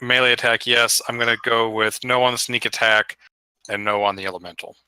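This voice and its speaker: A man's voice: medium pitch, fairly even intonation, brisk, pushed and bright, smooth, dry recording, rough recording. A man narrating as dungeon master over voice chat, casual and hesitant, with many fillers. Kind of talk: narrating a tabletop game. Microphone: headset or desk mic on voice chat.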